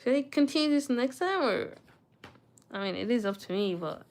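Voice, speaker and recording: A woman's voice: on the high side, lively intonation, normal speed. Chatty young woman reading aloud with retainers in. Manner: chatty, self-talking, reads aloud with stumbles. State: talking with retainers in. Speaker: study vlogger. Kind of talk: casual study-with-me chat and reading aloud.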